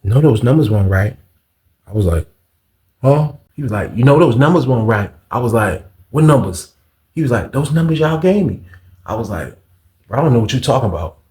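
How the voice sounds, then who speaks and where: A storyteller and channel host tells a prison story in casual, profane storytime fashion, animatedly acting out other people's lines. His mid-range voice moves quickly in a reverberant space.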